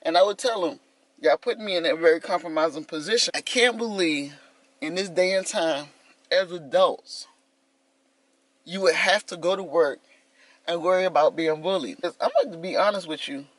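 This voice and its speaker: Woman in her fifties, casual vlog talk, animated storyteller, dry close sound. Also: on the low side, normal speed, no echo. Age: 50s. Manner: animated storytelling, addressing viewers as y'all. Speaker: vlogger.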